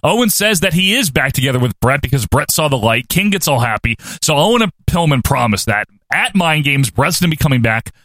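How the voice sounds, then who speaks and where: A man co-hosting a podcast, recapping old wrestling shows in a sarcastic, joking way with quick impressions. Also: fairly high pitch, big pitch swings, a bit bright, no room sound. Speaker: podcast co-host.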